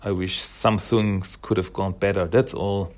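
A man's voice: deep voice, fairly even intonation, a little slow, pitched below the performer's own voice. A man voicing a weary mutant cat crime boss, speaking in a subdued, sighing, apologetic way while retelling a comic. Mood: regretful.

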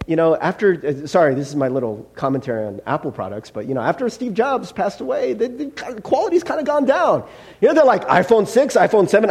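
Middle-aged male pastor, casual sermon, bright, high, very animated voice, rambling and friendly. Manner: chatty, self-deprecating, many fillers and rhetorical "right?".

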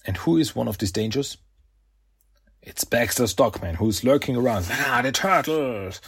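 A man hosting a podcast, casually recapping a comic in a chatty, animated way and slipping into character voices. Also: mid-range voice, normal speed, vocal fry, slightly rough. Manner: chatty, animated retelling with laughs and voiced asides. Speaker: podcast host.

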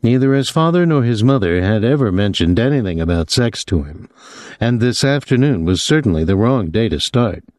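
Low-voiced man narrating an audiobook. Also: animated, normal speed, a little mellow, no echo, studio quality. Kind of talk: scripted narration.

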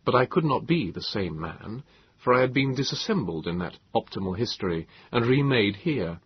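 Husky male audiobook narrator. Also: mid-range voice. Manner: measured, lively storytelling delivery. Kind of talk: first-person storytelling. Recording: dull lo-fi, dry.

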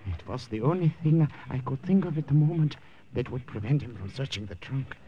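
An actor playing a timid clerk who speaks earnestly and haltingly in a 1940s-style radio drama, on a muffled old recording. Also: male voice, medium pitch, animated, a little hiss or hum, close to an everyday voice. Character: timid middle-aged male clerk turning brave. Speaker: administration clerk.

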